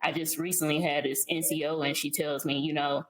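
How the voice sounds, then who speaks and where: A woman's voice: low voice, flat delivery, a little fast. A woman military leader on a podcast panel, speaking in a firm, emphatic way. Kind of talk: casual panel chat. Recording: roomy echo.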